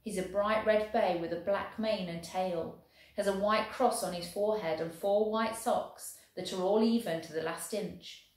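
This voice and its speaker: A woman voicing a gentle, devoted young male soldier who talks soothingly to a horse. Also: mid-range voice, fairly even intonation, moderate pace, natural voice. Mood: earnest. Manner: soft, soothing talk to a horse. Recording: very echoey room.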